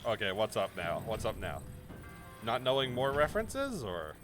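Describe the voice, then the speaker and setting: A man with a fairly low voice that swings animatedly up and down, chatting casually while he plays on stream. He trades playful, teasing banter with his chat. Game music plays clearly behind him. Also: wildly swooping pitch, moderate pace.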